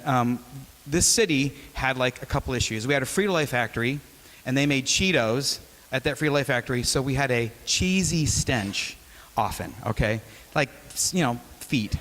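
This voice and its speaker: Guest preacher, man in his forties, from Wisconsin, relaxed joking storyteller, mid-pitched voice, long hall reverb. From Wisconsin, USA. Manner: joking, conversational, animated storyteller. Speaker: guest speaker. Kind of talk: casual storytelling sermon. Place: chapel hall.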